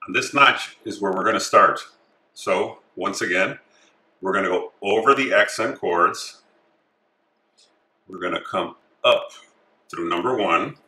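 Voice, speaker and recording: A man calmly talking through each step of a craft tutorial as he works with his hands. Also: low-pitched, measured pace, pauses often. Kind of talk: step-by-step instruction. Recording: echoey room.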